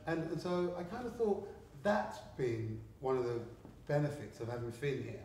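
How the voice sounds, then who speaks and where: An English man chats casually in an art gallery, rambling through stories while swearing and laughing. His mid-range voice swings widely in pitch, with a moderate pace and a slightly mellow tone. The indoor room is very echoey, the mic sits far away, and there's faint background noise.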